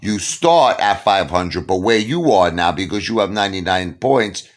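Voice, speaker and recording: A man's voice: deep voice, lively intonation, moderate pace. A man voicing a pushy male casino worker who speaks clipped, broken English. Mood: insistent.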